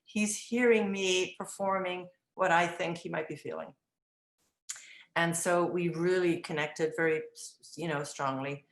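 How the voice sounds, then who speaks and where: An older woman, an early childhood educator, recounting classroom stories and acting out the dialogue in lively high voices. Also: measured pace. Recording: echoey room.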